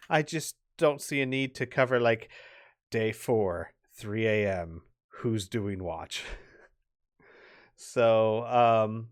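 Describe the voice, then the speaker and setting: A man narrating as game master for a tabletop game, relaxed and chatty, with many fillers and laughs. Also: medium pitch.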